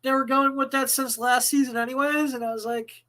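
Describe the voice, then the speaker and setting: High-voiced woman chatting loosely. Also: steady tone, a little fast, fairly bright tone, poor audio. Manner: chatty, stumbling restarts, swears casually. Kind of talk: casual live chat show.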